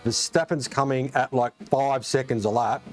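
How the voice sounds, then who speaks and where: A man's voice: mid-range voice, moderate pace, slight background noise. Swearing Australian man streaming a racing game. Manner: excitable, swears often, calls everyone mate. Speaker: gaming streamer. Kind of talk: casual live game commentary. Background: game music and engine sounds.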